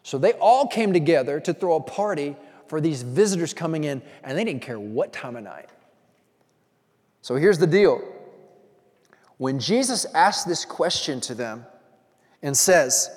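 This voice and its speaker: Guy preaching a sermon, chatty storyteller, kinda high voice, big echoey hall. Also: a little slow, pauses often. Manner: conversational, animated storytelling with asides to the congregation. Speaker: pastor.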